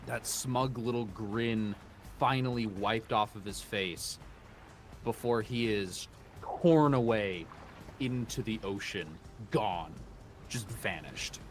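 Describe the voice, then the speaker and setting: Male game master, lower-pitched, unhurried, pausing for drama. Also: a little hiss or hum. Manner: slow, deliberate, dramatic pauses.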